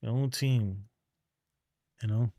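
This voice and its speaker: A middle-aged sports streamer from New York takes it slowly, his mid-range voice mellow and fairly even in intonation, on a dry, studio-quality recording. He's ranting bluntly and rambling in a casual livestream, his words trailing off into mumbles.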